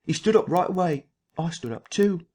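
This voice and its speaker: A man voicing a jittery middle-aged man who recounts a fright, breathless and rising into shrill excitement. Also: moderate pace, slightly rough. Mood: frightened.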